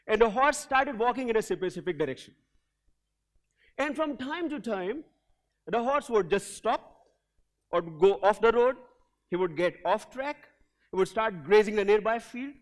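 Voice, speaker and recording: Male leadership coach with a very high voice, energetic keynote speaker who drives audience participation in a hotel hall. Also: a little slow, pauses often. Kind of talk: motivational keynote with audience call-and-response. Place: hotel event hall before a large audience.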